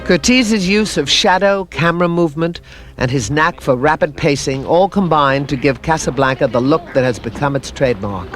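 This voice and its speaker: Man narrating a documentary, measured. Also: fairly high pitch, a bit bright, faint music behind. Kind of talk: scripted narration.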